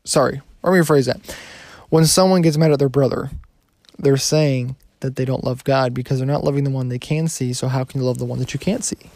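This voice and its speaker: A man's voice: mid-range voice, fairly even intonation, brisk, gravelly, a little mellow, dry recording. A man teaching from the Bible in a casual sermon, talking conversationally and often restarting or correcting himself.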